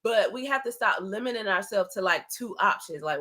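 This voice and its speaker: A woman hosting a casual livestream talk. She speaks conversationally, often asks "right?" and says "like", and acts out inner thoughts in an animated way. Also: mid-range voice, normal speed. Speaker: host. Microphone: computer camera setup.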